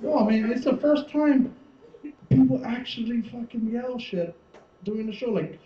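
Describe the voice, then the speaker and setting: Speaking at normal speed in a very high-pitched voice, a man performs stand-up for a live audience, rambling, swearing and acting out others' lines. There's slight background noise, and the show recording sounds distant, roomy and muffled with the crowd present.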